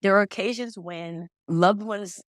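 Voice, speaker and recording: A woman's voice: medium pitch, unhurried, no room sound, clean studio sound. A woman talking as a medium and podcast guest, telling stories and acting out the dialogue in them. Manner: animated storyteller who acts out quoted dialogue. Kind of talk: storytelling conversation.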